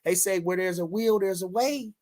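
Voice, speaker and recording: A man's voice: high voice, normal speed, a little mellow. An older man, hosting a casual live boxing stream in a rambling way, full of fillers, reading out chat comments. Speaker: podcast host.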